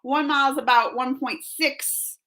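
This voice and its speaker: A woman's voice: sits high, fairly even intonation, normal speed, bright, forceful tone. A woman streamer chatting casually with her viewers, reading chat comments aloud and laughing often.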